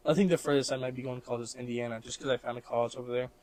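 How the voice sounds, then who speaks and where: A man's voice: medium pitch, fairly even intonation, racing, a little mellow. A young man from Missouri in the Midwest, co-hosting a casual podcast chat, rambling with lots of "like" and restarts and laughing often. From Missouri, American Midwest. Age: young adult. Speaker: podcast co-host.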